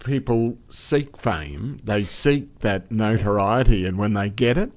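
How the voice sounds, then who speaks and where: A man's voice: lowish voice, a little slow. A man hosting an interview podcast, asking short, wry questions. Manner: wry, brief prompting questions. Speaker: podcast host. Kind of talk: casual interview chat.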